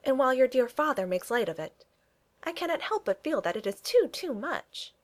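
A woman's voice: on the high side, very animated, a little fast, voice pushed up. A woman doing a sweet earnest young lady. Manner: earnest, proper phrasing.

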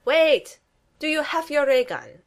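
A woman's voice: mid-range voice, very animated, moderate pace. A woman voicing a pompous, dryly menacing male supervillain in a fan fiction reading. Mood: shouting. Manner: dry, theatrically threatening.

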